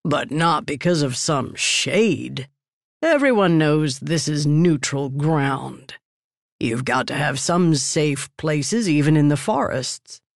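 A woman's voice: deep voice, animated, slow, no room sound, clean studio sound, full character voice. A woman voicing a sly man spinning tales in a tavern, drawing out his words knowingly. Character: sly boastful male tavern storyteller.

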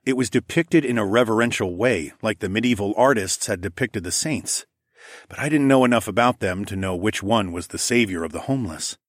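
Low-voiced male storyteller, dry sound. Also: fairly quick, no echo. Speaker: audiobook narrator. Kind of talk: first-person story narration.

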